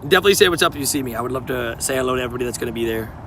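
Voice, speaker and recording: A man's voice: medium pitch, lively intonation, rapid-fire, pushed and bright, a little hiss or hum. A young man streaming casually to his live chat, laid-back and slangy, greeting viewers by name while outdoors.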